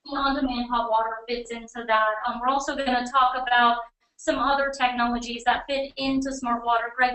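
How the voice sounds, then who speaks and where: A woman's voice: fairly high pitch, fairly bright tone. A woman with a New England accent hosting a webcast in a conversational, upbeat way. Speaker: webcast host and editor. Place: office or studio room beside a colleague. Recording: echoey room, mic at a distance.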